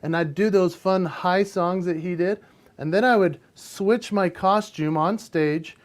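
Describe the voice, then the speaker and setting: A man's voice: sits high, measured pace. A male impressionist as an interview guest, telling stories animatedly in a casual chat. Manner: animated storyteller, bursts into sung bits.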